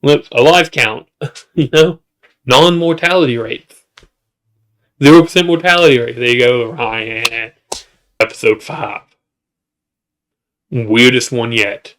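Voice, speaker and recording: A man reviewing a show recaps its season slowly, leaving long pauses, in a fairly even, fairly bright voice. His delivery is rambling and jokey, packed with asides and restarts, and climbs toward high-pitched exasperation.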